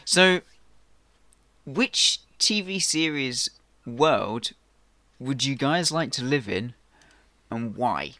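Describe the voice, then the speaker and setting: A man's voice: mid-range voice, animated, very slow, bright, forceful tone, no room sound. A man co-hosting a podcast, rambling casually with many fillers. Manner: rambling, laughs often. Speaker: podcast co-host. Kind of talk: casual chat.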